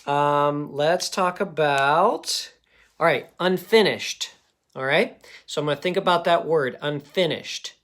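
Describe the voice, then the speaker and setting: Slow, patient male phonics teacher. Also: on the high side, a bit bright. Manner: patient, encouraging, checks in with frequent okays. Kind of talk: phonics lesson.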